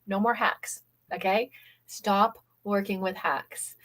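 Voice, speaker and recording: A woman hosting a live online workshop, talking in a chatty, energetic way and often checking in with "okay?". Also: medium pitch, takes it slowly. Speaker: workshop host. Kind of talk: live-stream workshop talk.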